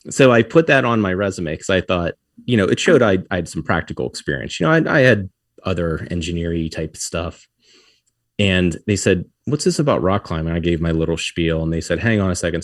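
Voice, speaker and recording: Middle-aged man, very deep voice, lively storyteller, dry close sound. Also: brisk, dry recording. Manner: animated, acts out quotes, laughs often. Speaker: podcast guest. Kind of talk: casual storytelling.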